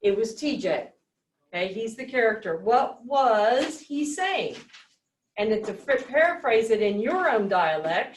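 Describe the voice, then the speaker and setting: A woman's voice: fairly high pitch, sing-song, unhurried, a little hiss or hum. A woman teacher leading a reading lesson, explaining step by step and asking the class questions. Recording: echoey classroom, mic at a distance.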